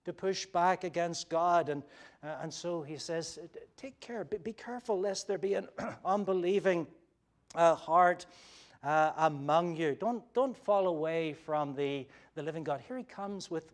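A pastor with a somewhat raised pitch delivers a sermon to his church. He speaks earnestly and tenderly, often pleading. His talk is full of "uh" fillers and quick restarts.

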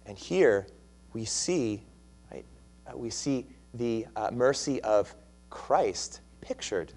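A man's voice: mid-range voice, animated, takes it slowly, a little mellow. A male pastor preaching a sermon in a conversational way, often asking his listeners questions and restarting his phrases.

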